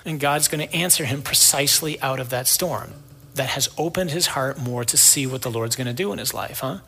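A man's voice: medium pitch, a little fast, vocal fry, pushed and bright, slight background noise. A man preaching a sermon in a conversational, storytelling way, tossing in rhetorical asides to his congregation. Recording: echoey hall with long reverb.

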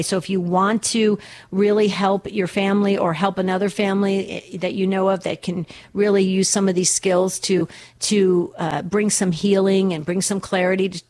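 Chatty woman radio host. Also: mid-range voice. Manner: chatty, laughs easily at her own jokes. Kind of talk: casual call-in radio talk.

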